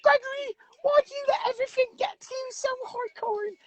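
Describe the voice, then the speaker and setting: A man's voice: very high-pitched, fairly even intonation, a little fast, no echo, pitched above the performer's own voice. A man putting on the voice of his exasperated, old-school older English mother, with scolding, pleading questions.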